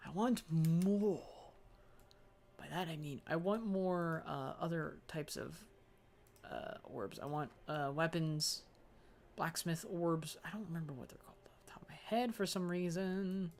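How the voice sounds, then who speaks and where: A man's voice: fairly high pitch, normal speed, creaky, slight background noise. A young man casually commenting on his own gameplay, rambling and joking to himself as he plays. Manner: rambling, joking self-talk. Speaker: gaming video host. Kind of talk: casual let's-play commentary.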